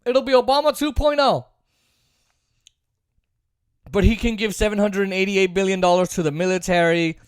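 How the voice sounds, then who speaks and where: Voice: medium pitch, fairly even intonation, moderate pace, pauses often, smooth, dry recording, studio quality. A political commentary host giving a sarcastic, opinionated monologue, repeating points for emphasis. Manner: sarcastic, mocks opponents in put-on voices.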